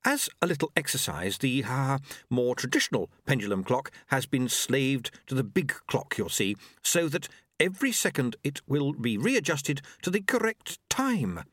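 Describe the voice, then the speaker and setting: A man voicing Jeremy, a high-strung young male clockmaker who talks in a shrill, excitable, nervously precise way. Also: moderate pace, dry recording, studio quality. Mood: eager.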